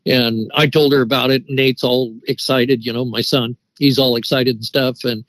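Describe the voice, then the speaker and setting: A man's voice: medium pitch, steady tone, normal speed, a bit bright, no echo, poor audio. A middle-aged man telling a long story in a casual, rambling way, full of restarts and fillers. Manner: rambling, with many restarts and "you know" fillers. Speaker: guest telling an encounter story.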